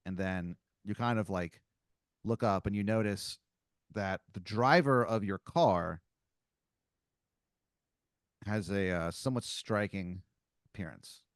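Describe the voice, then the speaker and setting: A man's voice: lowish voice, takes it slowly, long pauses, dry recording, clean studio sound. A man hosting a comedy podcast who improvises a second-person story, rambling through many fillers. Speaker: podcast host telling an improvised scenario.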